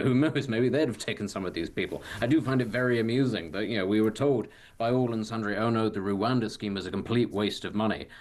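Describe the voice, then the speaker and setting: A man's voice: mid-range voice, darkish tone. A man, a guest commentator on a radio show, dry and sarcastic in his opinions.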